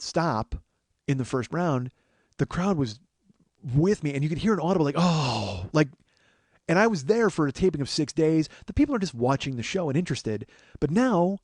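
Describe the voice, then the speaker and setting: A man's voice: on the high side, no room sound. Profane storytelling man, dry close sound. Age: 40s. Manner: animated, profane, shouts quoted outbursts. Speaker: podcast host. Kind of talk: comic storytelling monologue.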